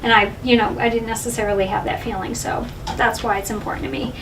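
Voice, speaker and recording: A middle-aged woman from Massachusetts giving an animated talk about her own life at a library, recorded from a distant room mic. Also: a little high, fast, background noise. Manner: animated storyteller, often laughing. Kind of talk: personal storytelling talk.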